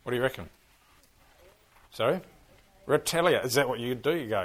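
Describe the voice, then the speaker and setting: A man with a New Zealand accent teaching a class, lively and full of questions to his listeners. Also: medium pitch, brisk. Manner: animated, keeps firing questions at the class. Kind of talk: interactive history class on church history.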